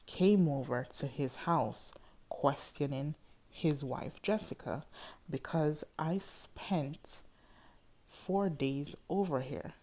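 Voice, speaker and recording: Brief: woman audiobook reader, low voice, unhurried, dramatic first-person narration. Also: a little mellow.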